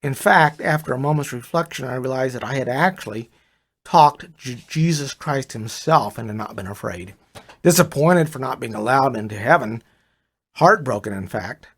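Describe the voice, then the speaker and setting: An older man reading his own first-person story aloud in a confiding tone, speaking straight to the listener as "brother". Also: medium pitch.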